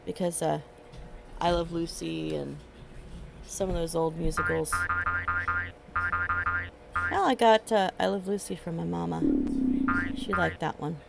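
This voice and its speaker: Gravelly-voiced chatty woman streamer. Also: lowish voice, fairly even intonation, measured pace, long pauses, poor audio. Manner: rambling, chatty, laughs often. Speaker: game streamer. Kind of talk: casual chat while gaming. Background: game music.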